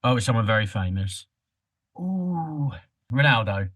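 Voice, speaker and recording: Male podcast co-host, mid-pitched, joking and irreverent, cheerfully crude, dry close mic. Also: very animated, unhurried, a bit bright, no echo. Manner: playful, teasing, swears freely. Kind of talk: casual podcast chat.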